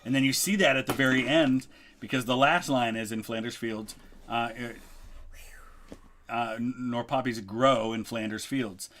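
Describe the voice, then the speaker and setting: A middle-aged man chatting casually as a history video host, relaxed and thinking aloud with frequent ums. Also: medium pitch, unhurried. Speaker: history YouTuber, guest co-host. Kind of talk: casual ranking chat.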